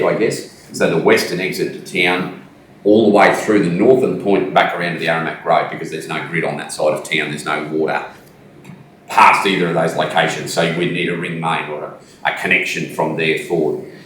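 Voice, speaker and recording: A man's voice: sits low, slight background noise. A man reporting at a council meeting, hesitant, with many ums and restarts. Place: council chamber. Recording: echoey room, mic at a distance.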